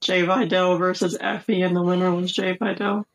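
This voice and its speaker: A woman's voice: on the low side, flat delivery, moderate pace, low-quality recording. A woman co-hosting a podcast, chatting casually with short, blunt replies and playful swagger. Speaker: podcast co-host. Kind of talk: casual chat recapping wrestling shows.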